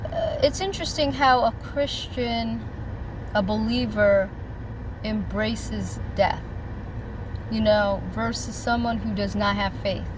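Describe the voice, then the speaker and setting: A woman talks in a rambling, heartfelt way to her viewers about faith, her voice sitting a little high. She is in a parked car outdoors. Clear traffic and street noise carry behind her. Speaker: vlogger. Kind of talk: casual faith vlog.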